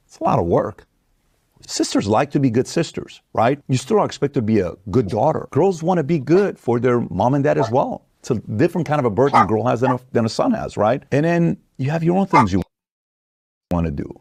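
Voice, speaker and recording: A man giving an opinionated, forceful monologue with rhetorical questions. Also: medium pitch, husky, no echo, studio quality. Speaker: commentator.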